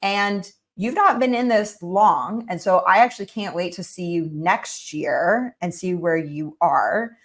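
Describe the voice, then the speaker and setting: A woman hosting a podcast in casual conversation. Her voice sits a little low, and she talks in a warm, cheering way, full of "like" and "you know". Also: unhurried, few pauses. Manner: encouraging, effusive, heavy use of "like". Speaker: podcast host. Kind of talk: casual interview chat.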